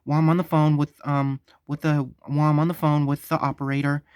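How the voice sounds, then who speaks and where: A man telling a story on his vlog, halting and stumbling, often repeating himself. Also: fairly high pitch, little pitch movement, darkish tone, clean tone, no room sound. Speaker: vlogger.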